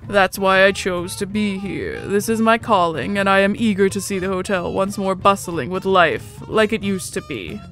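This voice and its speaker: A woman voicing a reserved, polite male minotaur hotel keeper who speaks formally and measured. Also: mid-range voice, lively intonation, fairly bright tone, soft background music, voice pushed down. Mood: earnest.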